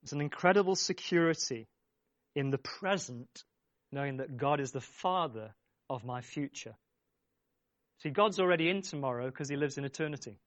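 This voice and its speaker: Emphatic male preacher, slightly high voice. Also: animated, moderate pace, dry recording. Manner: emphatic, repeats phrases, urges the congregation. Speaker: pastor. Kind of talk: sermon.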